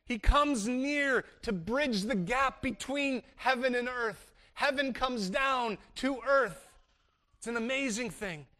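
Male pastor, sermon delivery, high bright tone, stop-start emphasis. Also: slow pace. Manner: emphatic preaching with frequent restarts.

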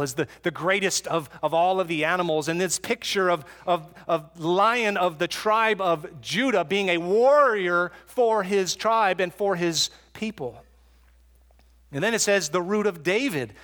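High-voiced man preaching in a reverberant hall. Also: a bit bright. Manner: earnest, with frequent repeated words and restarts. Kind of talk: expository sermon.

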